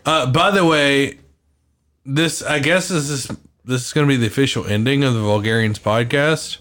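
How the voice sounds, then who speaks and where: A man hosting a podcast, talking casually and bluntly, swearing freely and slowing down to stress his points. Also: mid-range voice, fairly bright tone. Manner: blunt, profane, slows for emphasis. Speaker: podcast host.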